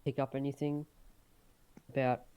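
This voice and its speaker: A man's voice: medium pitch, flat delivery, moderate pace, muffled recording, crowd noise. A man playing in a tabletop game, asking questions hesitantly and a little off-mic. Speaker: player. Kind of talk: casual tabletop play.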